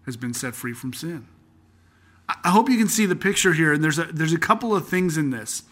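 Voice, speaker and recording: A young man with a bright, forceful voice set a little high, hosting a casual Bible-study podcast. He talks earnestly and conversationally, then slows down to read scripture aloud. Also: animated. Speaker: podcast host teaching through a Bible book.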